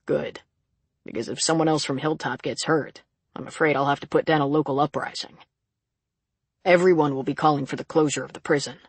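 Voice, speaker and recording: Reader doing steady man sheriff, reasoning tone, husky, dry. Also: mid-range voice, a little fast, dry recording. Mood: businesslike. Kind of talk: audiobook character reading.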